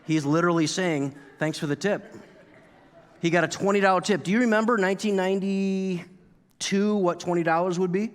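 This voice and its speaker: Animated male pastor in a reverberant church. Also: high-pitched, moderate pace. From New York. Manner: storytelling, animated, acts out his own past outburst. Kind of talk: sermon. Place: church sanctuary. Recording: long reverb of a church hall.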